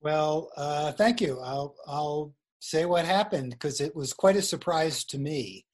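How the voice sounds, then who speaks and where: Interviewed as an author over a video call, this guest tells a story in a chatty, laughing manner. His voice is on the high side and darkish in tone, and he speaks a little slowly. The audio comes through a video call on weak wifi.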